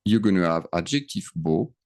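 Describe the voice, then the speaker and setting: A man's voice: deep voice, lively intonation, normal speed, darkish tone. A man teaching a grammar lesson over screen share, thinking aloud and checking in with frequent questions. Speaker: French teacher.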